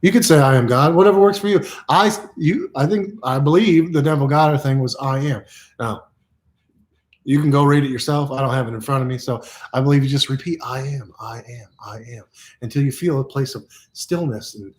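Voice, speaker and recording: A man giving a casual motivational monologue, rambling and playful, repeating phrases and sometimes dropping to a hush. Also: mid-range voice, fairly quick. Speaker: self-help speaker.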